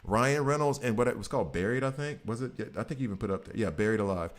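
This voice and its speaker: A man streaming a game, chatting casually in a rambling, jokey way. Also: on the low side. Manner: animated, rambling, jokey, breaks into quick voices. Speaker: gaming streamer. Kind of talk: casual chat while gaming.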